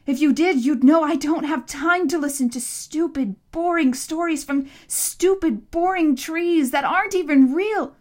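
Lady voicing a mad sarcastic teen boy, high and shouty, audiobook. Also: measured pace. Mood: furious. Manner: shouting, bitter and mocking. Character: angry, sarcastic teenage boy. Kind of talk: audiobook character reading.

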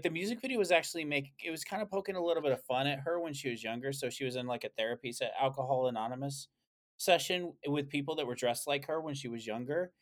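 A man co-hosting a podcast in casual chat, telling rambling stories with lots of swearing and fillers. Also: medium pitch. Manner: animated, profane, rambling storyteller. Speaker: podcast co-host.

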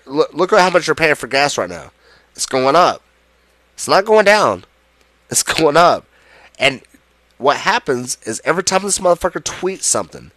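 A man's voice: on the high side, fairly bright tone, no room sound. A man in a heated, profane, sarcastic political rant to the camera.

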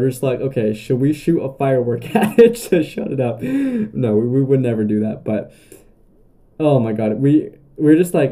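Young male podcast host with a very dark, mellow voice. Casual, rambling storyteller. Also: mid-range voice. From Canada. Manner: rambling, many filler "like"s and restarts.

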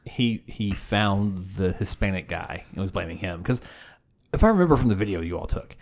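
A low-voiced man in casual podcast chat who mostly answers in short backchannels. His pitch moves a lot even in brief replies, and his remarks come out dry. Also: normal speed, gravelly. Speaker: podcast co-host.

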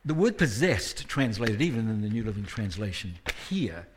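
A man's voice: on the low side, sing-song, moderate pace, background noise. A man giving a guest sermon at a church service, talking in a conversational way with self-deprecating asides and rising emphasis. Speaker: guest preacher.

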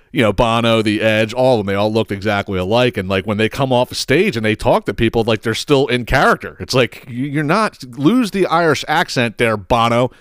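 A man's voice: fairly low pitch, smooth, no room sound, studio quality. A middle-aged man who hosts a podcast, telling rambling, profane stories with frequent laughs and exasperation. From southeastern Pennsylvania. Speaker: podcast host. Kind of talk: casual solo podcast rant.

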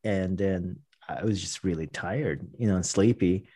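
A man's voice: sits low, measured pace, warm tone, husky. An American man chatting casually as a podcast co-host, rambling with restarts and laughing often. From United States. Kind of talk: casual chat.

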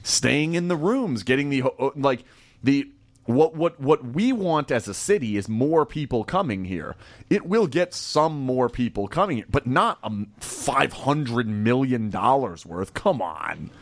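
A man's voice: mid-range voice, lively intonation, unhurried, dry recording. Blunt, opinionated man on sports radio. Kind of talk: casual sports banter.

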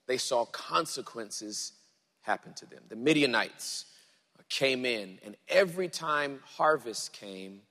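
A man preaching a sermon, reading scripture dramatically and then teaching in a relaxed way. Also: medium pitch, slow, in a large hall. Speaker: pastor.

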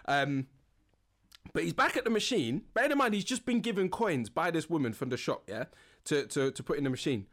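A man's voice: fairly high pitch, fairly quick. A young man telling funny stories in a casual, rambling podcast monologue full of fillers and restarts. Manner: animated, chatty, many fillers and restarts. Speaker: podcast host.

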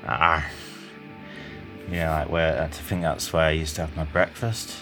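Rambling low-voiced man. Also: level tone, moderate pace, over loud music. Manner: rambling, hesitant, heavy use of fillers. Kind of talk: casual storytelling chat.

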